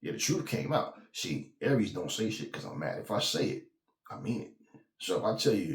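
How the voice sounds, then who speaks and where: A man's voice: on the low side, big pitch swings, moderate pace, reverberant. A man, ranting emphatically and profanely as host of a boxing talk channel, often repeating himself. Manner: profane, emphatic, repeats himself, slips into mocking quoted voices. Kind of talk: heated casual rant.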